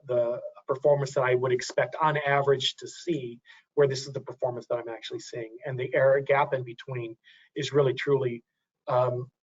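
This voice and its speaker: Lo-fi man walking through charts. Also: medium pitch. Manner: thinking aloud, many restarts. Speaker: presenter. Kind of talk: webinar presentation.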